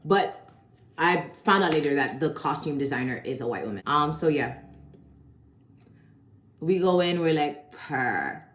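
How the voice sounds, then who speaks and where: Low-voiced woman chatting a film review in an echoey room. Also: lively intonation, a little slow, pauses often, slight background noise. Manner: chatty, slangy and profane. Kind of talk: casual video review.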